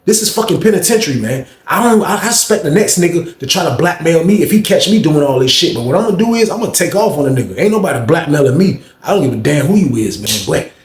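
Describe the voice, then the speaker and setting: Man telling a story, fast, blunt, swearing, echoey room. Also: fairly high pitch, animated. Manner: profane, blunt street talk. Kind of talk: casual storytime.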